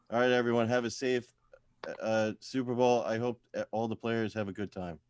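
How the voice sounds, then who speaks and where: A man doing a deadpan stand-up set over a video call from home, trailing off into quiet, self-deprecating mumbles. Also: mid-range voice, moderate pace, clear, resonant tone. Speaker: stand-up comedian at open mic.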